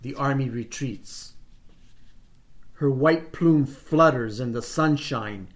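Slow, deliberate man reading a story. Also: mid-range voice. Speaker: reader. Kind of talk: reading a first-person short story aloud.

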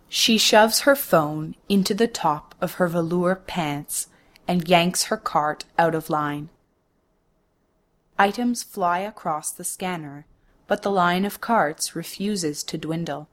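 Slow, low-voiced young woman storyteller. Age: young adult. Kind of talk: first-person narrated monologue.

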